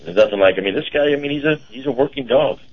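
A man co-hosting a casual radio show. He talks in a halting, chatty way with many fillers. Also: mid-range voice, animated, slightly rough. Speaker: radio co-host and car dealer. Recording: dull lo-fi radio broadcast.

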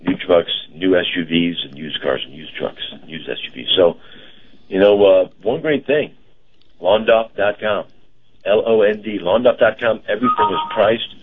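A man co-hosting a casual radio show. He talks in a halting, chatty way with many fillers. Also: deep voice, breathy edge. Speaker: radio co-host and car dealer. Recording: dull lo-fi radio broadcast.

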